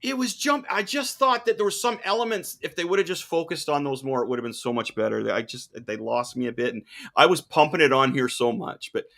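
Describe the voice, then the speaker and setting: A man's voice: mid-range voice, brisk, gravelly, few pauses. A man hosting a podcast, chatting with enthusiasm like an eager fan. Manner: enthusiastic, animated fan talk. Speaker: podcast host. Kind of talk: casual podcast chat.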